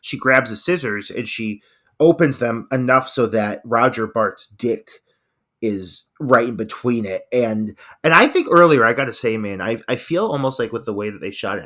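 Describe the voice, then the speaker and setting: Male podcast co-host, bright tone, emphatic and profane, casual film talk. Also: fairly low pitch, expressive, normal speed.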